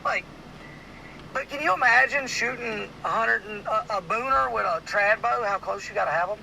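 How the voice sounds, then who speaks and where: This Louisiana podcast host, speaking with a drawl at a moderate pace, rambles through a hunting story in an animated way, padding it with many "like"s. His voice is high, sharp, bright and a bit gravelly, and the poor audio has a faint hiss.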